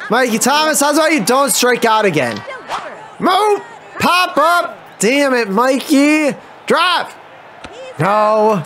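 A man commentating his own baseball video game, excitable, swearing and groaning at the plays. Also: extremely high pitch, a little hiss or hum. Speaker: gameplay commentator. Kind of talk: let's play commentary.

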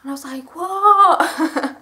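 A young woman with a fairly high voice talks through her shopping haul. She gushes over each find and rambles on in a chatty, excitable way. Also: unhurried. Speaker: vlogger. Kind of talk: clothing haul vlog.

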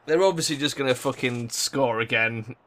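Young man, gameplay commentator; frustrated sweary ranting, bright forward tone. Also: medium pitch, animated, moderate pace. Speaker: gaming YouTuber.

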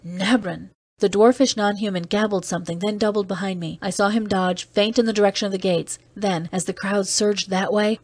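A woman reading an audiobook aloud as a weary, seasoned man, in steady, measured narration. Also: medium pitch, no echo, lightly acted. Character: weary man, seasoned off-world agent, terse. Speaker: audiobook reader. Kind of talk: scripted narration.

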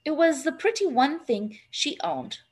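A woman reading a children's novel aloud in a steady, measured way. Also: high-pitched. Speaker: reader.

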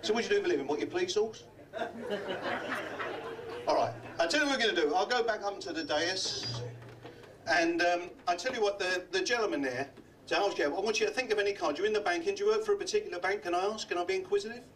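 An older comedy magician from London works the room, teasing guests with quick gags. His voice sits high for a man. He is picked up from a distance in a hotel function room. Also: fairly bright tone, a little hiss or hum. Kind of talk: live club comedy act.

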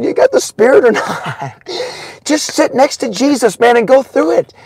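A man preaching a sermon in a casual, excitable way, often laughing, swinging between shouts and hushed asides and saying "man" a lot. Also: extremely high pitch, normal speed, husky, no room sound.

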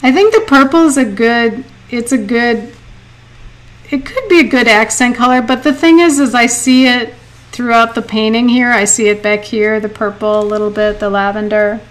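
A woman's voice: on the high side, normal speed, low-quality recording. A middle-aged woman teaching watercolor painting on a live stream, chatty, laughing often and reading viewer comments aloud. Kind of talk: live painting lesson with chat.

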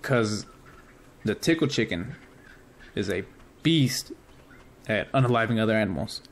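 A man hosting a casual let's-play, reacting excitedly and chatting to the creatures he tames. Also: on the low side, a little slow, slight background noise. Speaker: gaming channel host.

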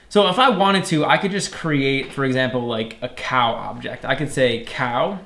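A man's voice: medium pitch, fairly bright tone, echoey room. Man teaching code step by step. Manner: explains step by step, often adding "right?" to check in. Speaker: programming instructor. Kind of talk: screen-recorded coding tutorial.

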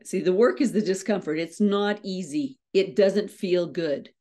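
A middle-aged woman, a motivational speaker, telling a story with fast, self-mocking humor and frequent laughs. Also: on the low side, dark tone. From Canada. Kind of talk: storytelling keynote talk.

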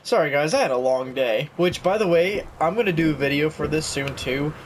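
A young man talks through a quiet game casually, joking at his own expense. His voice sits a little high, and faint noise is heard behind him. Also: lively intonation, fairly quick. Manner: chatty, self-mocking, reading aloud. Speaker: gaming YouTuber. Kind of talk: casual let's-play commentary.

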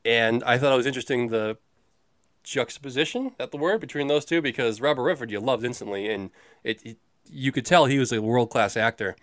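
A man's voice: mid-range voice, brisk, fairly bright tone, no room sound, studio quality. A man co-hosting a movie review podcast, chatting casually in a rambling, jokey way with the odd swear. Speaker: podcast co-host.

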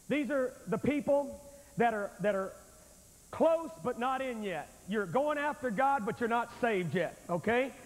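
A preacher with a high, ringing man's voice delivers a revival sermon in a packed church sanctuary. He is folksy and emphatic, talking straight to the congregation. His words echo through a big, reverberant hall on an old videotape recording. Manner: folksy, emphatic, addresses the crowd directly. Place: large church sanctuary with thousands present.

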